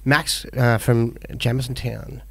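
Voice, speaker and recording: A man's voice: mid-range voice, a little slow, gravelly, husky, no room sound. A man with an Australian accent co-hosting a fantasy footy podcast, chatting casually and rambling with lots of fillers. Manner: rambling, relaxed, many fillers. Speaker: podcast co-host. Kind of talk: casual chat.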